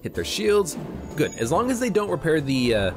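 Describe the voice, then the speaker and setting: A man's voice: fairly high pitch, huge pitch swings, normal speed, over music. A man giving casual let's play commentary, thinking aloud as he plays a strategy game at his desk mic. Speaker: gameplay commentator.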